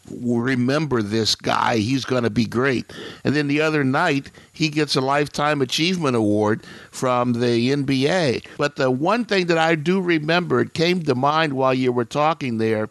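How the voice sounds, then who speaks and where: Older male co-host with a gravelly, fry-tinged voice, dry and close; rambles through his memories in easy chat. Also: mid-range voice, no echo. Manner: rambling, conversational recollection. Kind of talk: casual chat.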